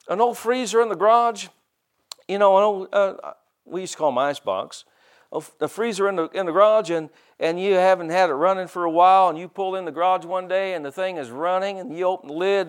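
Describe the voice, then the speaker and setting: A clear, resonant, high-sitting male voice belongs to an older pastor giving a sermon. His preaching is folksy and conversational, and he often repeats or restarts words and acts out quoted speech.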